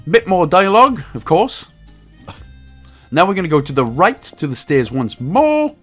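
A man narrating a game walkthrough, joking around and slipping into silly high voices. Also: sing-song, a little slow. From Wales. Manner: bursts into silly high-pitched voices and laughs at own jokes. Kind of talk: jokey game walkthrough commentary. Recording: faint game music underneath.

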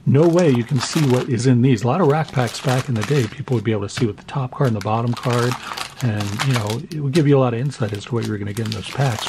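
A man's voice: medium pitch, background noise. Chatty man opening card packs. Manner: chatty, self-deprecating, rambling asides. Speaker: card-collecting channel host. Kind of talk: casual pack-opening commentary.

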